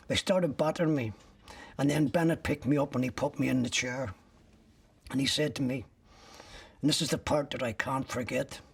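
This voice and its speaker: Gravelly older man recounting, recorded from afar. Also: on the high side. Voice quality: gravelly, husky. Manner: detailed step-by-step retelling, acting out other people's words. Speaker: interviewee recounting his arrest. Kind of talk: personal testimony in a documentary. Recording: voice picked up from a distance.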